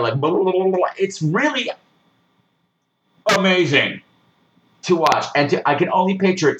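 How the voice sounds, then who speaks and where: A man giving a casual, sarcastic movie review, ranting with animated swings and mocking voices. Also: on the high side, a little hiss or hum, poor audio.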